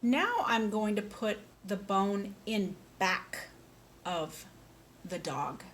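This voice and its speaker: Slow, bright, sing-song woman teacher. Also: medium pitch, lively intonation. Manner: slow, clear, sing-song and encouraging, with animal sounds. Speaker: speech therapist. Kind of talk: slow children's lesson.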